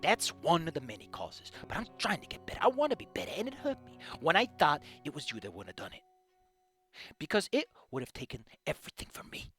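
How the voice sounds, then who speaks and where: A young man reading fan fiction aloud and ranting about it, with animated, sweary, exasperated outbursts. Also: a little high, fast, faint music behind.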